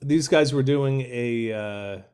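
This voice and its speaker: Rambling podcast co-host, mid-pitched man. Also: slow pace, a little mellow, clean tone. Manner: rambling, hesitant, many ums and restarts. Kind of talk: casual chat.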